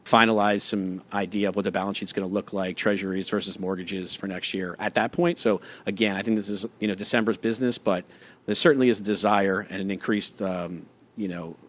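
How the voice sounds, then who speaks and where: Low-voiced man discussing markets. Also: steady tone, fairly quick, fairly bright tone. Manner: thoughtful, hedging with fillers.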